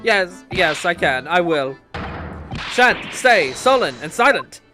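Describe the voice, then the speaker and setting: A man's voice: fairly high pitch, animated, normal speed, close to an everyday voice. A man doing a wildly theatrical young poet. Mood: exuberant. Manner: theatrical, loud, alliterating outbursts. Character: excitable young Japanese man, dramatic poet student. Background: game music.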